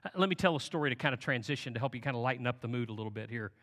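A man preaching a sermon as pastor, telling stories with lively swings between soft and loud passages. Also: mid-range voice, racing. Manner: animated storytelling with big swings in loudness. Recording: long hall reverb.

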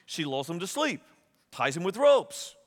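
A man preaching a sermon, retelling stories with lively, acted-out voices. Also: high voice, measured pace, long reverb tail. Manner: animated storytelling, acts out quotes. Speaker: pastor.

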